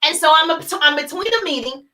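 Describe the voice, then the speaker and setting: A woman business coach giving an energetic, emphatic live-streamed talk, repeating her key points and acting out sample phone calls. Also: high-pitched, fast talker, rough recording.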